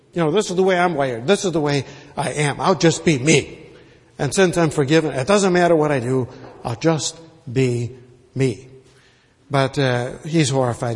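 A man preaching a sermon as pastor, emphatic and repetitive, pausing with many fillers. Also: on the high side, darkish tone, breathy edge. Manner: emphatic, repeats words for stress, many uh fillers. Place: church sanctuary. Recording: long hall reverb.

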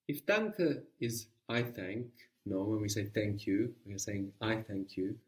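A man's voice: lowish voice, measured pace, distant mic. A man teaching a guided language lesson, patiently prompting his student with questions.

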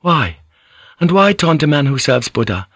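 A man's voice: fairly high pitch, sing-song, moderate pace, a bit bright, husky, no echo, voice pushed up, full character voice. A man reading an audiobook, voicing a nervous man who poses as a haughty priest and scolds the guards indignantly.

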